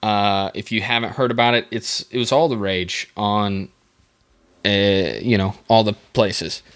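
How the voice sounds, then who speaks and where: Hosting a casual solo podcast through a desk mic, a young man speaks a little slowly in a lowish, fairly bright voice with fairly even intonation. His rambling monologue is self-mocking and heavy with fillers and restarts.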